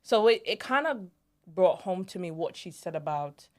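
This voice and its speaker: A Jamaican woman in her forties hosts a podcast, telling stories in a casual chat. She's an animated storyteller who laughs easily, with a lower voice and a moderate pace.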